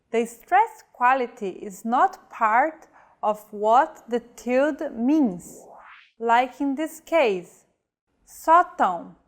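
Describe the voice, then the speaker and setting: Slow, careful woman teaching pronunciation. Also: a little high. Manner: slow, carefully enunciated example words. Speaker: language teacher. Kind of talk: scripted language lesson.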